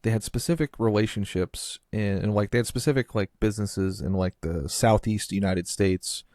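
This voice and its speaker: Podcast host, male, low voice, rambly chatty delivery full of fillers, dry close recording. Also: normal speed, a little mellow, dry recording. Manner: rambling, heavy use of filler "like", trailing restarts. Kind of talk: casual chat.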